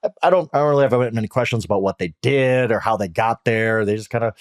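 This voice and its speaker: A man's voice: mid-range voice, no echo. Man talking in a dry, close sound. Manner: conversational, hesitant restarts, measured verdicts. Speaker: sports writer, podcast guest. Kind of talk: casual sports podcast chat.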